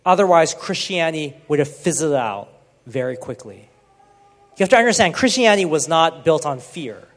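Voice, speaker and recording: A man giving an informal, earnest Bible teaching talk, often dropping to a hushed tone for emphasis. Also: a little high, lively intonation, moderate pace. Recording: long reverb.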